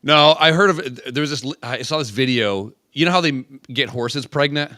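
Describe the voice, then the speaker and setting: A man co-hosting a podcast in casual chat, animated and crude, rambling with lots of swearing. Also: mid-range voice, normal speed, no echo, studio quality. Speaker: podcast co-host.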